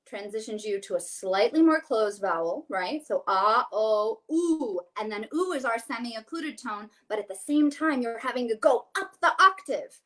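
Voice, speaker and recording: A woman's voice: fairly high pitch, lively intonation, normal speed, few pauses, a bit bright. A woman, a soprano, giving a vocal coaching session over a video call. She explains each exercise and then sings it, with a light, joking touch.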